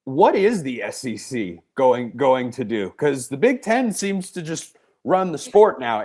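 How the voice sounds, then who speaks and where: A man's voice: fairly high pitch, darkish tone. A man hosting a sports talk podcast, leading the chat with joking banter. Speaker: podcast host.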